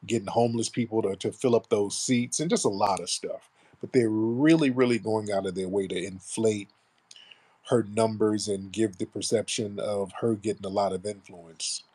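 A man's voice: fairly low pitch, a little mellow, slightly rough. Blunt, sarcastic male stream host. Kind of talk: casual live-stream commentary.

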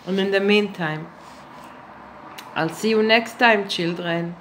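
Slow, sarcastic woman vlogger. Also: medium pitch, a bit bright, slight background noise, poor audio. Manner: mock-earnest irony, addresses viewers as children. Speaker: satirical vlogger. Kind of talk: sarcastic monologue to camera.

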